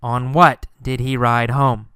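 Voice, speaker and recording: Male teacher, very slow and deliberate, bright crisp tone, dry close mic. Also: medium pitch, flat delivery, dry recording. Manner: slow, emphatic, repeats key words. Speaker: English teacher. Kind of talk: slow English lesson narration.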